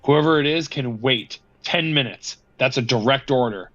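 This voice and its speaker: A man's voice: mid-range voice, normal speed, fairly bright tone, muffled recording, lightly acted. A man voicing a stern male sergeant who gives curt orders.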